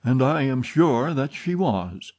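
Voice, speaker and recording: A man's voice: medium pitch, sing-song, takes it slowly, darkish tone, voice pushed up. A man voicing an earnest, trembling young viscount in an audiobook, speaking insistently. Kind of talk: audiobook character reading.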